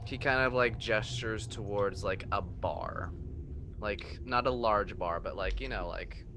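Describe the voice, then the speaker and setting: Laid-back game master with a lowish voice. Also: male voice, a little slow, background noise. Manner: explains calmly with many fillers. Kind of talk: narrating a tabletop game.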